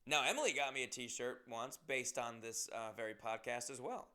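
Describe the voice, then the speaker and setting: A man's voice: mid-range voice, animated, normal speed, sharp tone, clear, resonant tone. A man hosting a podcast, telling rambling, self-deprecating stories and swearing often. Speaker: comedian and podcast host. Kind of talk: casual podcast monologue.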